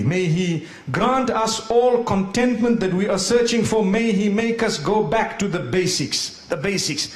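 High-voiced male preacher in an echoing hall. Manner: animated, humorous storytelling with rhetorical questions. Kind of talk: sermon.

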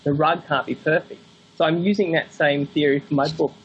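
A man talks fast as a podcast guest, telling animated stories and slipping into quoted voices. His voice sits fairly high. The sound is dull and lo-fi, with a faint hiss underneath. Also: slightly rough. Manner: animated storyteller, acts out quoted voices, laughs often. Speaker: podcast guest, book author. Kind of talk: casual podcast interview.

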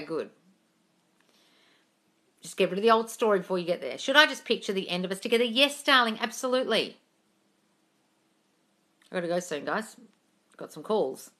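Woman doing a phone livestream q&a at home, sharp bright voice, swears a lot, reads out comments and says darling to everyone. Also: a little high. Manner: blunt and swears freely, calls viewers darling; reads comments aloud, then answers them. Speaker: manifestation coach answering viewer questions. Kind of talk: casual livestream Q&A. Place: at home with her cat.

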